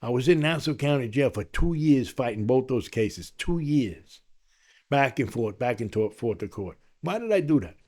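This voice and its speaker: A man's voice: mid-range voice, normal speed. A man, a podcast guest telling his life story and acting out what other people said. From New York. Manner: animated storyteller who acts out other people's lines.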